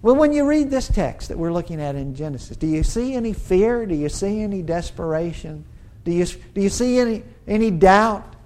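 A pastor preaches a sermon, pausing for emphasis and building to urgent, rising lines, often restarting and repeating words as he works toward a point. His voice sits high, expressive and darkish.

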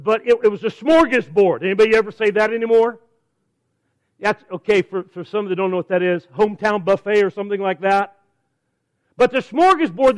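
A middle-aged man delivers a Sunday sermon in a fairly high voice. He is emphatic, stretching out key phrases slowly for weight and stacking up repeated words as he starts a new thought. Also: rough recording. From California. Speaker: preacher. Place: church service.

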